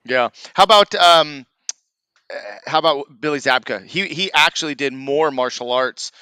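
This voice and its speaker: A man's voice: fairly high pitch, normal speed, pushed and bright, smooth, no echo. A man hosting a live interactive podcast, asking the guest questions and addressing viewers. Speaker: podcast host.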